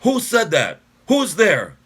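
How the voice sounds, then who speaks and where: Brief: jittery young private, high and loud, panicky, as a male narrator puts him on. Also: wildly swooping pitch, extremely slow, husky, full character voice. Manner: panicky, calling out. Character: young male army private, nervous and isolated.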